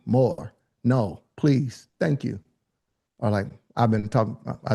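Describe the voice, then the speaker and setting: Energetic man coaching a live workshop. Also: creaky. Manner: high-energy, calls on attendees by name, call-and-response; casual colloquial delivery. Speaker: speaking coach. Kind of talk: live online workshop teaching.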